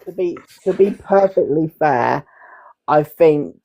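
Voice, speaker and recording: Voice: mid-range voice, lively intonation, slow pace, creaky, mellow, rough recording. A speaker with an English accent, joking playfully in a casual group chat over an online call. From England. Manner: playful, teasing, laughs while talking.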